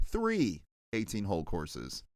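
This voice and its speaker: A man's voice: fairly low pitch, takes it slowly, dry recording, clean studio sound. A man co-hosting a casual podcast, reading an article aloud with lots of laughs and asides. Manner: animated, laughs often, stumbles over names. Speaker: podcast co-host.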